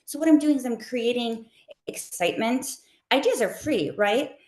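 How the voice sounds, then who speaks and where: A woman who makes live shopping videos, answering interview questions casually and talking fast like an animated storyteller. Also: fairly high pitch. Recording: roomy echo.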